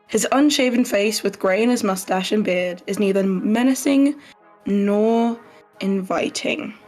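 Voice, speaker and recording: A woman running a tabletop game, describing the scene to the players in measured narration. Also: mid-range voice, a little mellow, faint music behind, low-quality recording. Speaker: game master.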